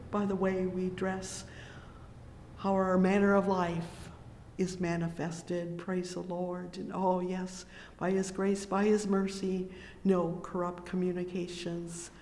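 A preacher delivering a sermon, reading scripture in old King James wording and filling the pauses with "oh, yes" and "praise the Lord.". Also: mid-range voice, darkish tone, reverberant, long reverb tail, slight background noise.

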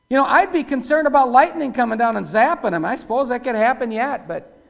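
Rough-talking preacher man in an echoey hall. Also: extremely high pitch, expressive, fairly quick. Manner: rough, folksy preaching with sudden loud outbursts. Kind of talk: sermon. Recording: echoey hall with long reverb.

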